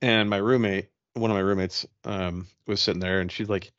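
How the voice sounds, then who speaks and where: Man, low voice, profane rambling storyteller, dry dull lo-fi sound. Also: normal speed, dry recording. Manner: profane, rambling, animated retelling. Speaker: podcast co-host telling a ghost story. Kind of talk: casual storytelling chat.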